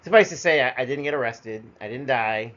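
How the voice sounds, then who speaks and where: A man's voice: mid-range voice, brisk, a bit bright. A middle-aged man telling personal stories in a loose, conversational way, full of fillers, heard as a dull lo-fi recording. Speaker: storyteller. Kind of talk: personal storytelling monologue.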